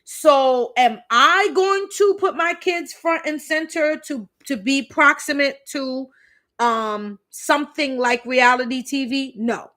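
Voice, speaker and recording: A woman's voice: high-pitched, slow, bright, forceful tone. Chatty New woman hosting a live Q&A. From the Bronx, New York City. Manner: chatty, candid, tells anecdotes with emphatic repeats. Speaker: host. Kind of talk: live Q&A chat with storytelling.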